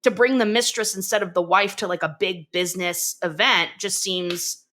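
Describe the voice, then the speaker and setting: A woman co-hosting a podcast, recapping a cartoon episode in casual chat, animated and profane, laughing often and acting out quotes. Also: fairly low pitch, moderate pace. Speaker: podcast co-host.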